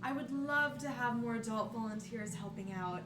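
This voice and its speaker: A woman voicing a chatty, prim older lady who teaches music, in a high, sweet and fussy manner. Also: moderate pace, reverberant, far from the mic, background noise, lightly acted.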